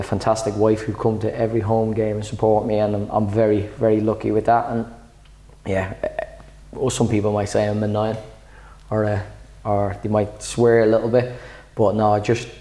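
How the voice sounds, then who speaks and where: Man, football head coach, low flat voice, mellow tone, chatty, stumbles and repeats words. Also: rough recording. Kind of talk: sit-down interview.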